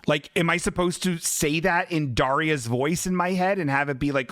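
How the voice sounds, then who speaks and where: A man's voice: on the high side, normal speed, few pauses, a bit bright, no echo, studio quality. A man hosting a livestream podcast, riffing in casual, profane, sarcastic rants about viewer submissions. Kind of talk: casual comedic chat reading viewer submissions.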